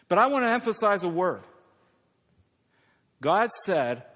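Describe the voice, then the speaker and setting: An older man preaching a sermon as pastor, moving from hushed, tender lines to loud, emphatic ones. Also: high voice, big pitch swings, unhurried, long pauses. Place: church sanctuary. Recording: long reverb of a church hall.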